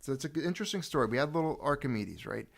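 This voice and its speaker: A man hosting a casual video chat, talking straight to viewers in a jokey, animated way. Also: a little high, rapid-fire, gravelly. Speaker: host.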